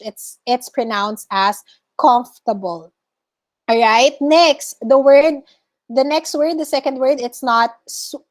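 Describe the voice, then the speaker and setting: Filipino woman teacher, high voice, patient corrections, video call. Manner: patient, corrects pronunciation word by word. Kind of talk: online class lesson.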